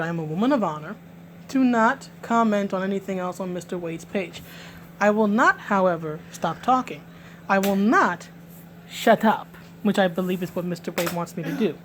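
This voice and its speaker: A woman's voice: mid-range voice, a little hiss or hum. A woman from New York City with a New York accent, giving emphatic, indignant vlog commentary and often restarting her words. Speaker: vlogger. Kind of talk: direct-to-camera commentary.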